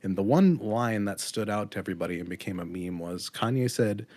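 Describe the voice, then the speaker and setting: A man's voice: fairly low pitch, expressive, a little fast, darkish tone, dry recording. A man co-hosting a podcast, giving a blunt, critical album review in casual chat with frequent ums. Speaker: podcast co-host.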